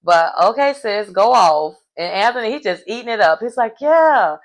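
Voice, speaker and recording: A woman's voice: medium pitch, moderate pace. A woman giving casual recap commentary on a reality TV episode, chatty and slangy with wry asides.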